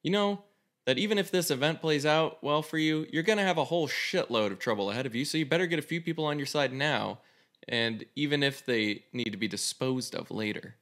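A man's voice: fairly high pitch, a little fast, fairly bright tone. A man casually reading an interactive adventure story aloud as host, with a loose, swearing delivery. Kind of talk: reading a choose-your-own story aloud.

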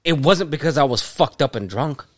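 A man's voice: a little high, animated, normal speed, a crowd in the background. A man co-hosting a podcast in casual chat, rambling with many restarts and fillers. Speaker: podcast co-host.

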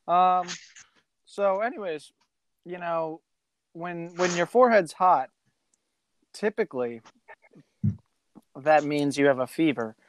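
A man's voice: fairly high pitch, slow pace, pauses often, no echo. A man playing a boastful, rambling British explorer captain in a put-on British accent for an improvised comedy podcast. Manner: rambling, boastful, full of fillers.

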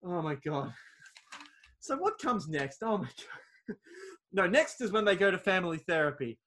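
A man's voice: high voice, very animated, normal speed, a bit bright. A man, casually recapping a film on a podcast, swearing freely and acting out quoted lines. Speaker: podcast co-host.

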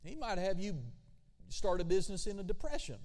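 A man preaching a sermon as pastor, animated, with conversational asides and acted-out voices. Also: high-pitched, fairly quick. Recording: long hall reverb.

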